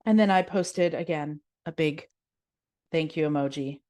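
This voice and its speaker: Canadian woman, podcast host, slightly low pitch, casual and upbeat delivery. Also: measured pace, darkish tone. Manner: chatty, upbeat, laughs easily. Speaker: podcast host and yoga teacher. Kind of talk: casual solo podcast, reading listener comments aloud.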